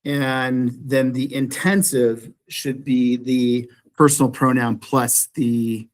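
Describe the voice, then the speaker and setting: A man's voice: medium pitch, little pitch movement, slow pace. A man teaching a beginning Greek class, explaining patiently and often repeating phrases and asking "right?". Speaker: Greek instructor. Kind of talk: classroom lecture.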